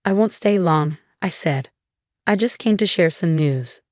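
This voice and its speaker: Woman, lowish voice, dry close sound, scripted story narration, measured delivery. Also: expressive, no room sound. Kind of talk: scripted first-person narration.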